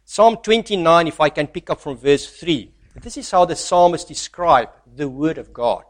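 A man preaching a sermon who reads scripture aloud and swings from loud, stressed lines to soft, near-hushed asides. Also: a little high, expressive, normal speed.

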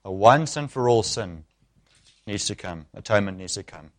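Animated male preacher with a lively voice. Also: on the low side, moderate pace. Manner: animated, acts out quoted speech with sudden loud bursts. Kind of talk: expository sermon.

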